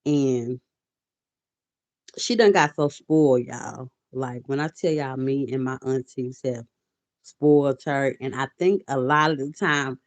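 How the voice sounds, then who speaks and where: A woman's voice: extremely low pitch, unhurried, no room sound. A woman in her forties hosting a casual livestream, telling a personal story, emotional at times and greeting viewers as she talks. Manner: emotional, softening to quiet. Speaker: livestream host. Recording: dull lo-fi audio.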